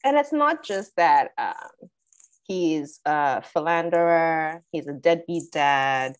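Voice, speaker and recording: A woman co-hosting a casual panel podcast, measured and often breaking into laughter. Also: low-pitched, expressive, clean tone. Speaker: podcast co-host.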